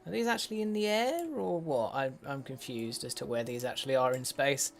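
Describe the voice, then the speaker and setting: A man's voice: mid-range voice, fairly quick, creaky, a little hiss or hum. A man giving casual game commentary as a let's play host, muttering to himself with wry, sweary asides. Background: faint in-game music.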